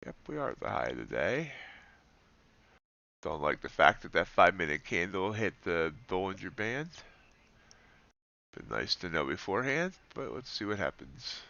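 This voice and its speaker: A man's voice: low voice, big pitch swings, normal speed, gravelly, pauses often, sharp tone, highs cut off. A man live-streaming his futures trades, thinking aloud in a muttered running commentary with dry asides. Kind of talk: thinking aloud while trading.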